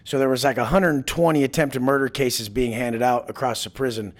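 A man's voice: medium pitch, steady tone, fairly quick. A man as an interview guest, telling stories bluntly with heavy swearing and acting out quoted lines. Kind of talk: casual storytelling interview.

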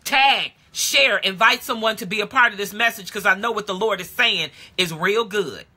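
A woman preaching a live-streamed sermon in a casual, call-and-response way that swings from low talk to shouted praise. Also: moderate pace, husky. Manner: casual street-talk phrasing. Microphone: phone or webcam live stream.

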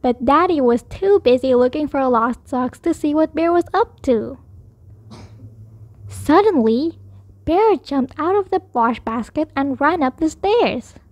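A woman reads a children's picture book aloud with clear, expressive storytelling. She takes her time over every phrase in a high voice. The recording is close and dry. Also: unhurried, no room sound. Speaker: storybook reader.

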